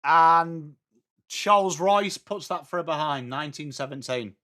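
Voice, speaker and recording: A young English man hosting a live football watchalong, chatting excitably with viewers and calling out plays. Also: on the high side, a little slow. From England. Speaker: watchalong stream host.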